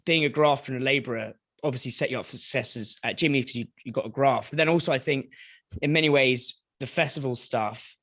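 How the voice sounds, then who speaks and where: A podcast host with a medium-pitched voice sums up what his guest has said. His tone is reflective and conversational. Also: a little fast, a bit bright. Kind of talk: conversational interview.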